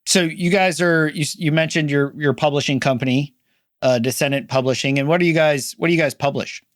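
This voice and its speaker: A man hosting a podcast, asking his guests questions in a lively, conversational way. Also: a little high, a little fast, no echo, studio quality. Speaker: podcast host. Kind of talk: casual interview.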